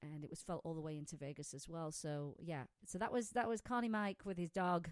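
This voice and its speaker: A woman's voice: deep voice, fairly even intonation, a little fast, clean tone, dry recording. A woman hosting a pet-tips show in casual chat, talkative and laughing often as she wanders between stories. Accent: non-American, says it is her own.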